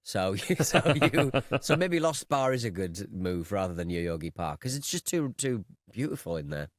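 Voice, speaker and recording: A man's voice: on the low side, sing-song, no echo, studio quality. A man co-hosting a podcast and reading out listener messages, joking and teasing in casual chat. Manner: playful and teasing, quick jokes.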